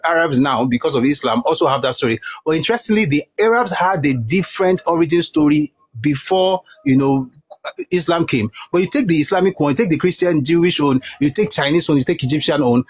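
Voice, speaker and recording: A man's voice: fairly high pitch, breathy edge. A young man with a Nigerian Yoruba accent, passionately scolding an opponent in a heated live debate. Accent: Nigerian English, Yoruba. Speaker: debate participant.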